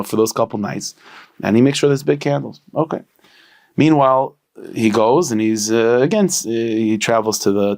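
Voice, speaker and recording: A man, a rabbi, telling a story in a casual spoken way, full of fillers and restarts, and jumping into lively voices for the people in it. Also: medium pitch.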